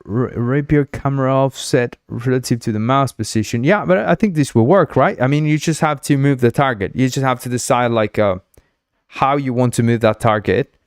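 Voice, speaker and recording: A man's voice: mid-range voice, moderate pace, clean tone, dry recording, studio quality. A man from Uruguay hosting a casual livestream, rambling and joking, with frequent laughs and stumbling restarts. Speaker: livestream host.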